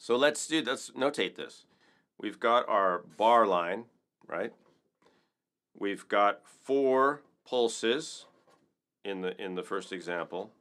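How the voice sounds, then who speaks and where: A man's voice: lowish voice, lively intonation, slow, pauses often, fairly bright tone. A man teaching a casual rhythm lesson, upbeat and chatty, counting beats aloud. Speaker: percussion teacher.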